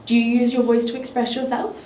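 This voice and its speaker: A woman's voice: a little high, flat delivery, quick pace, dark tone. A woman with an Australian accent leading a children's drama lesson in an encouraging, sing-song teacher voice. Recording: echoey room, mic at a distance, faint noise.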